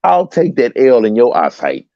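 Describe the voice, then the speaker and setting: A man's voice: medium pitch, wildly swooping pitch, normal speed, warm tone, dry recording, dull audio. A man arguing heatedly on an online panel, profane and repeating himself insistently.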